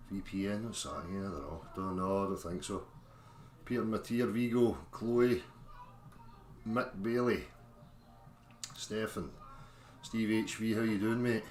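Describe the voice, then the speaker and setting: A man's voice: on the low side, takes it slowly, long pauses, echoey room, a little hiss or hum. A Scottish man hosting a casual livestream, chatting informally and reading out viewers' names as he greets them. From Scotland. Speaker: livestream host.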